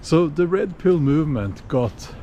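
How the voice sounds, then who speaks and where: Slow, musing man talking while walking outdoors. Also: fairly high pitch, animated, noisy background. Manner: unhurried, musing, many fillers and restarts. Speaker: video blogger. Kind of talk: casual opinion monologue.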